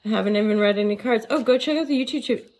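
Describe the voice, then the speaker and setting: A woman's voice: on the high side, racing, darkish tone, a little hiss or hum. A woman in her forties, a tarot reader, rambling playfully in a casual vlog, giggling and swearing freely. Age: 40s.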